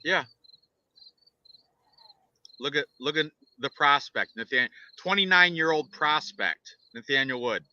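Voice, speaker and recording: A man co-hosting a casual fight-picks show, rambling and excitable with lots of restarts. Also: on the high side, measured pace, pauses often, highs cut off. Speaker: podcast co-host and fight picker.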